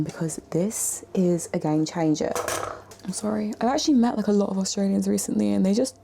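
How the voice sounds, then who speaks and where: A woman vlogging in her home kitchen, chatting in a rambling way with quiet asides. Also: medium pitch, fairly quick, gravelly, a little hiss or hum. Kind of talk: casual chat.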